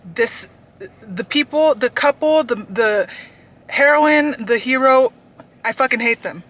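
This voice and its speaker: Bright-voiced exasperated woman. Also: on the high side. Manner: exasperated, profane, emphatic. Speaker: book vlogger. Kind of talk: casual ranting book review.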